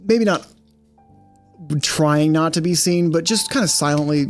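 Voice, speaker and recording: A man's voice: on the high side, measured pace, faint music behind. A man running a tabletop game as game master, rambling with many fillers and reading out prepared scene text.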